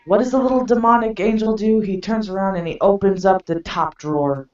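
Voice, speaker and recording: A woman's voice: mid-range voice, moderate pace, darkish tone. Chatty woman, distant echoey lo-fi mic. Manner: chatty storyteller, laughs through her stories. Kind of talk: casual chat. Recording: echoey room, distant from mic, dull lo-fi sound.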